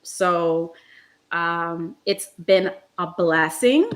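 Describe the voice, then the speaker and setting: A woman's voice: fairly low pitch, drawn-out words. Earnest reflective woman hosting a chat. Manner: earnest, reflective, lots of ums. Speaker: host. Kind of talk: casual heartfelt chat.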